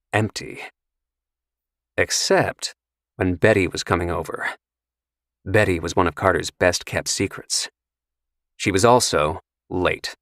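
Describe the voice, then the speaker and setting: Male thriller narrator, lowish voice, dry close sound, measured and wry delivery. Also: a bit bright, dry recording. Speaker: audiobook narrator. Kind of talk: scripted audiobook narration.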